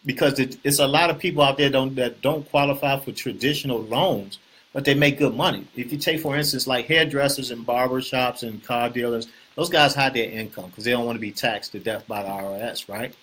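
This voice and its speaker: A man hosting a casual real estate talk, animated and preachy, often repeating himself and asking the viewers questions. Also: medium pitch, fairly quick, husky. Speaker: host.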